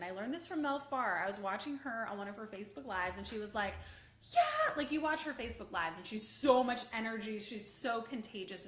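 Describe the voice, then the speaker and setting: A woman coach hosting a live video session, bubbly and animated, chatting with viewers and reading out their comments. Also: a little high, reverberant. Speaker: online visibility coach. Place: home office room.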